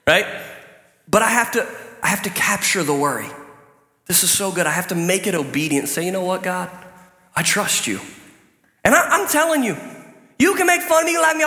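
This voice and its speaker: A man preaches in a high, bright, forceful voice, his lively sermon full of joking stories. The sound rings through a roomy church hall with a long reverb tail. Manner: lively, conversational, joking storytelling. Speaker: pastor. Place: church stage before a congregation.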